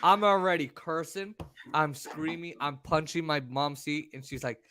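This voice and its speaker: A man co-hosting a podcast, telling stories in a casual, profane, animated way. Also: fairly high pitch, moderate pace. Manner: animated, profane, acts out voices. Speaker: podcast co-host. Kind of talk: casual storytelling chat.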